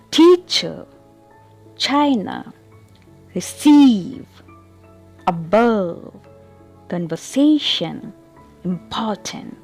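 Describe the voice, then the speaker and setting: Slow, warm-voiced woman teaching pronunciation. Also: mid-range voice, vocal fry, breathy edge. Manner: deliberate, repeats words, checks in with "okay?". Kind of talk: slow spoken lesson with example words.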